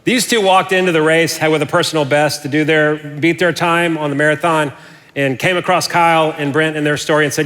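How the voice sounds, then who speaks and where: Eager male interviewer, fairly high pitched, recorded in a large echoing hall. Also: steady tone, a little fast, fairly bright tone. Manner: enthusiastic, prompting questions. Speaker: interviewer, church host. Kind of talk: onstage interview. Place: large church auditorium. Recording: reverberant hall.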